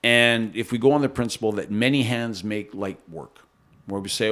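A man co-hosting a podcast, arguing in casual debate and quick to interject with agreement. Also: lowish voice, expressive, fairly bright tone. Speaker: podcast co-host.

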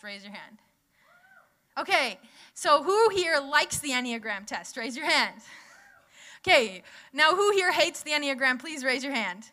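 A woman's voice: high voice, pushed and bright. A young woman preaching in a casual, chatty way, asking the audience questions and laughing often. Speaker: speaker at a church gathering. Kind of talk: casual sermon.

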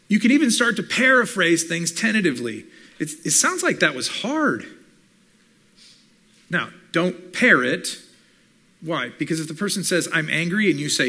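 A man delivers a sermon with the energy of a classroom lecture. His voice is bright and sits a little high. He slips into quick acted-out voices for the people he quotes. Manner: animated teaching, acts out quoted listeners. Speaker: pastor and communications professor.

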